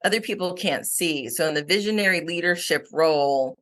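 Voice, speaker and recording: A middle-aged woman, a company founder, telling stories in a fast, energetic podcast chat. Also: fairly low pitch.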